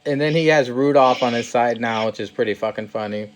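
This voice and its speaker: A man's voice: mid-range voice, brisk. A man hosting a podcast, chatting casually about wrestling, laughing often, swearing, and acting out quotes. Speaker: podcast host.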